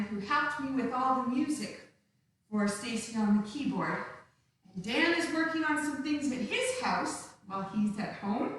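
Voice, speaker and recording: High-voiced woman as a children's dance teacher, encouraging, far from the mic in a very echoey room. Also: fairly bright tone. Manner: upbeat, coaxing, speaks to small children. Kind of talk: live-streamed kids' dance lesson. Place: room at home, some distance from the camera.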